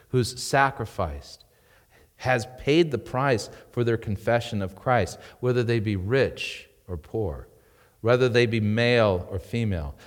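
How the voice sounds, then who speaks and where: Male pastor preaching emphatically, lower voice, long hall reverb. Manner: emphatic preaching with rising and falling intensity. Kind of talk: sermon. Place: church.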